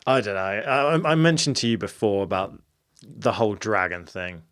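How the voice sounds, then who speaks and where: A man's voice: fairly low pitch, moderate pace, fairly bright tone. A man co-hosting a paranormal podcast, chatting casually in a self-deprecating way with frequent laughs. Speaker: podcast co-host. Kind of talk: casual chat.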